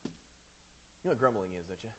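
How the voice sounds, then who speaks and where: A man's voice: deep voice, expressive, a little fast, darkish tone, slight background noise. A man preaching a sermon, chatting casually and then building to emphatic preaching. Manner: conversational, rising to emphatic preaching.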